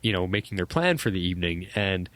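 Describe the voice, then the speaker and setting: A man co-hosting a podcast, talking eagerly and doubling up words as he restarts his sentences. His voice sits fairly low, and the recording is dry and close. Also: sing-song, fast talker, fairly bright tone, dry recording. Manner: enthusiastic, repeats words as he restarts. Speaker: podcast co-host. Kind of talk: casual TV recap chat.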